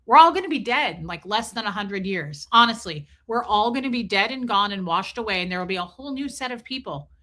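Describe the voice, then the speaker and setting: Blunt, bright-voiced woman streamer. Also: medium pitch, lively intonation, fairly quick, hardly any pauses. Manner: blunt, profane, chatty, reads and thanks viewers' super chats. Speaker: livestream host. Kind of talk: casual livestream chat. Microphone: streaming mic.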